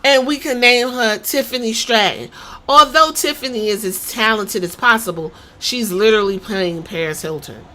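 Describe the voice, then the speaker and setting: A woman's voice: a little high, normal speed, pushed and bright. A woman hosting a podcast, giving blunt, profane and sarcastic opinionated commentary. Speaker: podcast host.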